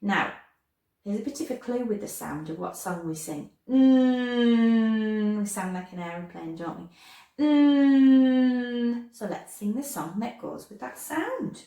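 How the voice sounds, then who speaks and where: A woman teaching a phonics lesson to young children, sounding out letters in an animated, sing-song way and stretching words slowly. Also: lowish voice, vocal fry. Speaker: primary school teacher. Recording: echoey room.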